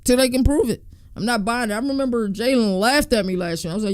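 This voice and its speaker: A man's voice: very high-pitched, fast, no room sound, clean studio sound. Slangy man talking through football picks. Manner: laid-back, slangy, thinks aloud while counting games. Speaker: sports podcast host. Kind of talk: casual sports commentary.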